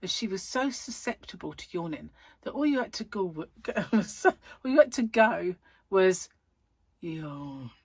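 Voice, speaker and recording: A woman's voice: mid-range voice, lively intonation, a little slow, darkish tone, breathy edge, no echo. A middle-aged woman chatting casually to camera, rambling and giggly as she tells stories, tired and yawning. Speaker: vlogger.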